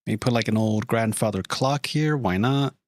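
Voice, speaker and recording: A man's voice: lowish voice, normal speed, no echo. A man streaming as he draws storyboards, chatting casually in a rambling way with frequent laughs. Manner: rambling, chatty, laughs often, heavy use of "like". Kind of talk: casual chat while drawing storyboards.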